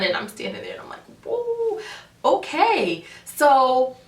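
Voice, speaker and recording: Animated young woman telling a story. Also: high voice, takes it slowly. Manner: animated, dramatic retelling. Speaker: beauty vlogger. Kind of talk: storytime vlog. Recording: roomy echo, a bit far from the mic.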